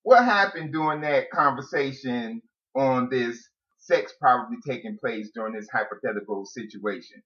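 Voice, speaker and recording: A man's voice: medium pitch, normal speed, a bit bright. A man co-hosting a casual talk with his wife, laughing often as he lays out his points one at a time. His voice sits in a middle range. The sound is dull and lo-fi. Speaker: podcast co-host. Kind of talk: casual couple's chat. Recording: dull lo-fi audio.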